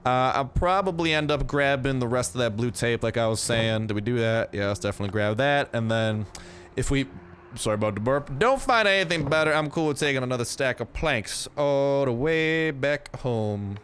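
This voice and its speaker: A man's voice: medium pitch, normal speed, a bit bright, slight background noise. A young man giving casual, slangy gameplay commentary, chatty and full of jokey asides.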